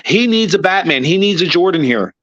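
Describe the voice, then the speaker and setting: A man co-hosts a sports chat, bluntly hammering the same points over and over. His voice is fairly high. The recording is dull and lo-fi, as if the highs were cut off. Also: lively intonation, brisk, a bit bright. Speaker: podcast co-host. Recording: dull lo-fi audio.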